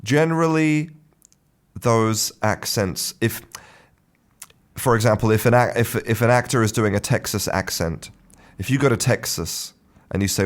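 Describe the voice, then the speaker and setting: Deep-voiced guy giving a chatty english lesson, keeps restarting sentences. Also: unhurried. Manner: relaxed, rambling, frequent restarts and repeated words; chuckles to himself. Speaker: English teacher and podcast host. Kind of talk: casual spoken lesson.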